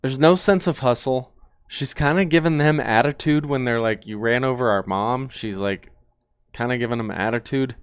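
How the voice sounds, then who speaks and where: A man's voice: mid-range voice, moderate pace, clean tone, dry recording, studio quality. A man and former police officer giving blunt, profane, analytical commentary on body cam footage.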